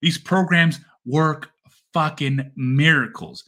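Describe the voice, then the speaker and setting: A man's voice: on the high side, slow pace, sharp tone. Blunt, heartfelt man who swears a lot. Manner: repeats phrases for emphasis. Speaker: father sharing his story. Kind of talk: candid personal monologue.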